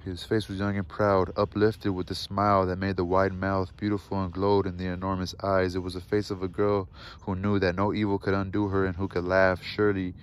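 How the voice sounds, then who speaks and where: Low, flat-voiced man reading a novel aloud. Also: clean tone. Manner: steady, measured, with occasional self-corrections. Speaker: audiobook reader.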